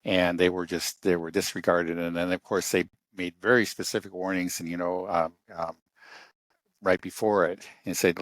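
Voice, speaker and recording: Deep-voiced man, halting and hesitant. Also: flat delivery, dry recording. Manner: halting, many restarts and fillers. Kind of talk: casual political discussion.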